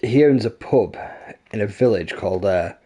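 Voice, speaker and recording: A man's voice: lowish voice, animated, moderate pace, dark tone. A young man with a mix of Lincolnshire and Yorkshire accent, chatting casually and swearing freely while streaming a game. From England. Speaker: gaming streamer. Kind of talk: casual gameplay chat.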